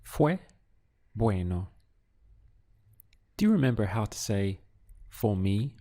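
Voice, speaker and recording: A man whose first language is Spanish, giving a slow audio language lesson and drilling phrases with patient pauses. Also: on the low side, big pitch swings, mellow. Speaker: Spanish tutor.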